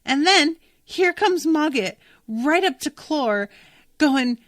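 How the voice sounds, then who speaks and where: A woman hosting a podcast who reads a book aloud and reacts to it in an excitable way, swearing freely and laughing. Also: sits high, a little slow, dry recording, studio quality. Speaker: podcast host.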